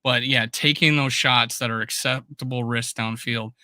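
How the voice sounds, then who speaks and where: Bright, animated man talking sports. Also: medium pitch, normal speed, no room sound, clean studio sound. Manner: animated, swears often. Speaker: podcast co-host. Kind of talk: casual sports chat.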